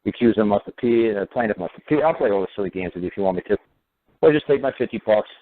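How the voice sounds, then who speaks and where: A man delivers a rambling, profane radio monologue at a rapid clip. He keeps circling back with "you know what". His voice sits low and comes through thin, as if over a phone line. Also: animated. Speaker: radio show host. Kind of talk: radio talk show monologue. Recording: narrow phone-like radio audio.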